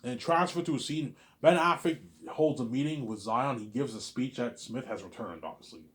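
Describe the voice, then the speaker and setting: A man's voice: mid-range voice, moderate pace. A man telling a long story casually, rambling, stammering and repeating filler tags.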